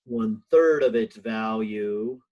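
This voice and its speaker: A man's voice: lowish voice, slow, a little mellow, muffled recording. A man teaching a physics help session over a video call, thinking aloud with lots of fillers and a few light jokes. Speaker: physics instructor. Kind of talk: online class help session.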